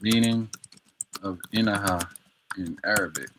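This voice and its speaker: A man's voice: lowish voice, measured pace, background noise. A man on a casual livestream practicing Arabic words, repeating them over and over in a slangy, playful way. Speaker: streamer learning Arabic.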